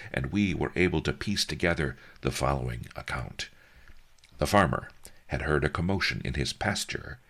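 A man's voice: rumbling low, vocal fry, fairly bright tone, slightly rough. A man narrating an audiobook in a wry, dry storytelling manner.

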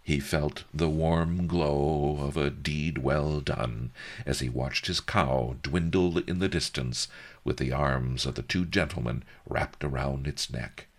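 Narrating an audiobook, a man speaks in a gravelly, extremely deep voice, taking his time at a slow, unhurried pace. His storytelling is dry and wry, yet the delivery rises and falls with liveliness.

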